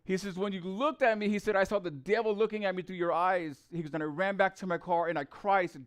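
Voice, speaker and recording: A man delivers a testimony sermon with fervent repetition. His voice sits high and rings smooth and clear. He moves between hushed storytelling and loud pleading. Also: fairly even intonation, quick pace, few pauses. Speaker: preacher.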